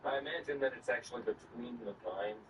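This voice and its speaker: A man's voice: medium pitch, fast talker. A man playing in a tabletop game, speaking in a formal, wordy way. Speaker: player. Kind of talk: casual tabletop role-play. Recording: roomy, muffled, distant, noisy.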